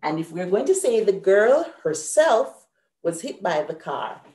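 Slow, mellow-voiced woman teaching grammar. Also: medium pitch, echoey room. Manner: patient, explains step by step, lively on examples. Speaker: host and teacher. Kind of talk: online grammar lesson.

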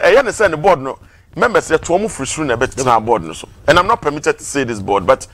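A man's voice: a little high, a bit bright. A man with a Ghanaian accent hosting a political talk show, probing his guests conversationally.

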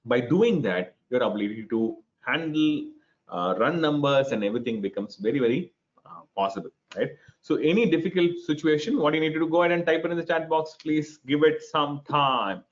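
Animated Indian man running a webinar. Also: a little high, brisk, highs cut off. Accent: Indian English. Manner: animated, questioning, repeats key phrases. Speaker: webinar speaker and trainer. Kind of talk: interactive online workshop talk.

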